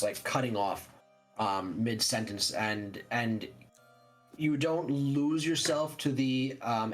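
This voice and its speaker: A man's voice: mid-range voice, rough recording. A man acting as storyteller for a tabletop game, narrating in a loose way with many fillers.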